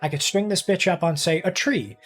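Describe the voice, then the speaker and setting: Young male streamer, slightly higher voice, rambling casual chat, frequent swearing, excitable, faint music underneath. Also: brisk. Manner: rambling, profane and easily excited. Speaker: livestreamer. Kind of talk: casual live-stream chat while gaming.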